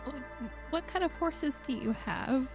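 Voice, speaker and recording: A woman's voice: high-pitched, slow pace, over music. A woman playing in an online tabletop game, giggly and hesitant. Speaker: player.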